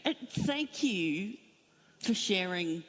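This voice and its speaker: Slow-spoken woman moderator. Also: on the low side, expressive, fairly bright tone. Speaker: panel moderator. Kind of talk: moderating a panel. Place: main stage at a museum, before an audience. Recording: long hall reverb.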